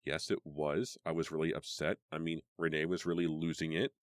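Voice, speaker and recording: A man reading an audiobook, voicing a calm, steady teenage girl who soothes her friend in a quiet voice. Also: extremely low pitch, a little fast, no room sound, clean studio sound. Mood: recounting.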